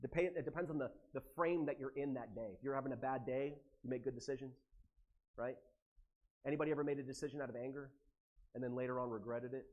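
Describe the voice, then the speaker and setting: An animated, emotional American man giving a live seminar talk to a conference audience and swearing casually. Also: medium pitch, quick pace, narrow, tinny audio. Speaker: conference speaker.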